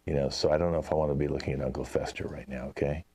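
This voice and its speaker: A man with a very low voice plays an exasperated commercial director in an improv scene. He rambles through his notes with lots of fillers and sighing asides. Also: steady tone, rapid-fire, darkish tone, breathy edge. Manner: exasperated, talky, many fillers. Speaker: improv show host, playing a commercial director.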